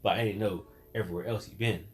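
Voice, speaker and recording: Low-voiced man in casual podcast chat. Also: steady tone, fast talker. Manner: rambling, acts out quoted voices. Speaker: podcast host.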